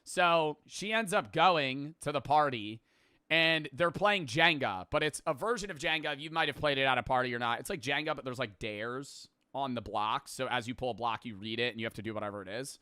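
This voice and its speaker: A man's voice: medium pitch, a little fast, bright, forceful tone, clear, resonant tone, no room sound, clean studio sound. A man hosting a podcast, rambling through a profane, casual plot recap full of filler words. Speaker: podcast host. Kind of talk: casual storytelling.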